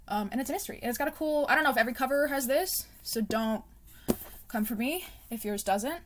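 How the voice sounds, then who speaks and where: Chatty, giggly young woman with a fairly high voice. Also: fast talker, background noise. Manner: chatty, giggly, rambling with many ums and likes; soft self-conscious asides, drifting into whispers. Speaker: book vlogger. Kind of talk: casual chat.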